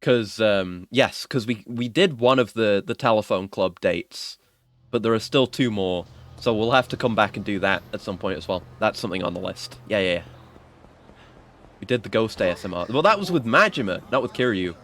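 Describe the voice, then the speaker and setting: A man's voice: lowish voice, expressive, moderate pace, a bit bright. A man giving casual, rambling, self-mocking commentary while playing a video game. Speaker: game streamer.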